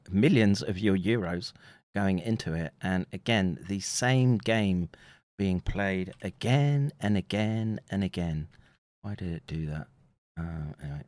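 A man's voice: low-pitched, darkish tone, no echo. An English man hosting a casual livestream, rambling, chuckling between remarks and reading viewer comments aloud. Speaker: livestream host reading chat.

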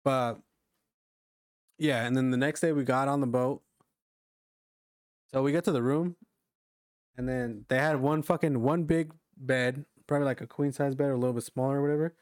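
Young guy, casual chat, loose profane storytelling, dry room, mid pitch. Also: steady tone, normal speed, pauses often, darkish tone, dry recording. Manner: rambling, profane, filler-heavy storytelling. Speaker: storyteller among friends.

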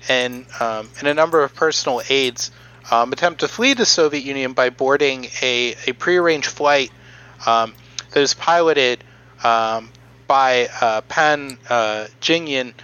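A man's voice: mid-range voice, a little slow, sharp tone, smooth, low-quality recording. A young man on a casual podcast, recounting history with many fillers and restarts. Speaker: podcast co-host presenting the history.

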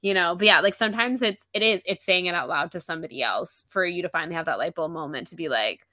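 A woman's voice: fairly low pitch, fast talker, dry recording. A woman co-hosting a casual book podcast, recapping chapters and acting out the characters' lines, laughing often. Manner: animated, acts out characters' lines while recapping. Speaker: podcast co-host. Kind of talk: casual book club chat.

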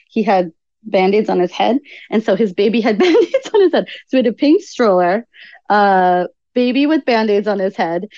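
A woman telling stories as a podcast guest, bringing them to life by acting out quoted speech in livelier bursts. Her voice sits at an ordinary middle pitch. The recording is dry and close, with a slightly dull, lo-fi tone. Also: darkish tone, dry recording. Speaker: podcast guest, author and nutritional coach. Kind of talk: conversational interview storytelling.

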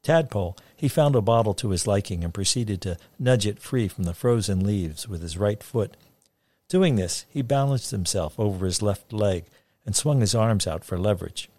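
Lively male storyteller. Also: fairly low pitch, normal speed, no room sound. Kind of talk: storytelling narration.

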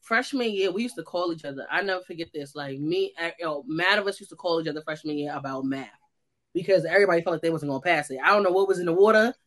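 A young American woman co-hosts a casual chat, telling lively stories in a lowish voice at a quick pace. She's an animated storyteller who acts out the voices of the people she quotes.

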